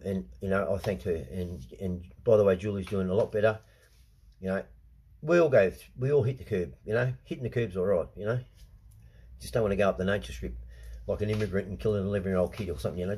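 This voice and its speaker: A man's voice: lowish voice, a little mellow, slightly rough. A man with an Australian accent, ranting in a casual vlog monologue. He swears a lot, repeats himself, and keeps tagging his sentences with "right?". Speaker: vlogger.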